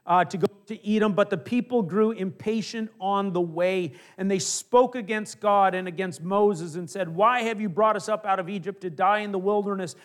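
A middle-aged male pastor preaching a conversational sermon, acting out little asides and dropping from emphatic to hushed. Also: high-pitched, normal speed, hardly any pauses.

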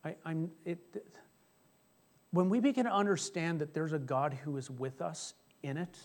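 Higher-voiced male pastor, chatty sermon. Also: normal speed. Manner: chatty storytelling, jokes with congregation. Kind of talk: sermon with personal story.

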